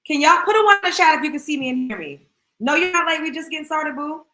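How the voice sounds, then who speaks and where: A woman's voice: high voice, expressive, fast talker, bright, forceful tone. A woman hosting a casual livestream chat, talking with her viewers and greeting them by name. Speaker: host. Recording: echoey room.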